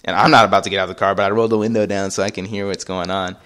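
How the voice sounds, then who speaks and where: A man telling a personal story in a casual storytime vlog, animated and acting out the voices of the people in it. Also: low voice, rapid-fire, clean tone. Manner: animated, acts out quoted voices. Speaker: vlogger.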